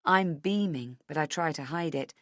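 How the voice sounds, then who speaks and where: A woman's voice: sits low, normal speed, fairly bright tone, no room sound. A woman narrating a thriller audiobook in the first person, expressively, on a close mic.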